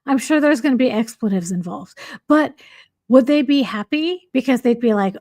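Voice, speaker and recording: A woman's voice: on the high side, lively intonation, normal speed, a little mellow, no echo, studio quality. A woman hosting a casual livestream, reading viewer comments aloud and laughing often. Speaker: livestream host.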